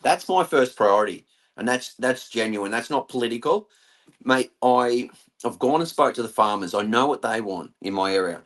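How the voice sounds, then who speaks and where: A man's voice: mid-range voice, lively intonation, normal speed, a bit bright. An Australian man, a veteran turned political candidate, talking bluntly and earnestly in a casual interview, calling people "mate".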